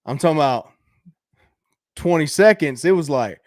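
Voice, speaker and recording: A man's voice: fairly high pitch, animated, normal speed, long pauses, darkish tone, no echo, clean studio sound. A man hosting a casual livestream, reacting to viewer videos in a brash, coaching way, swearing casually and laughing often.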